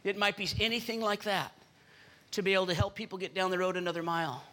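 This church sermon comes from a man whose voice is high, bright, and forceful, moving fast with fairly even intonation. He drives each point home and keeps calling for answers from the congregation.

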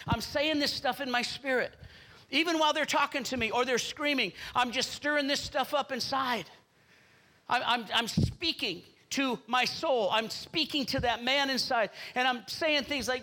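Male pastor preaching with fervour; bright, forceful voice. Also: very high voice, fairly quick. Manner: fervent preaching, repeats phrases, urges the congregation. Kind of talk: sermon.

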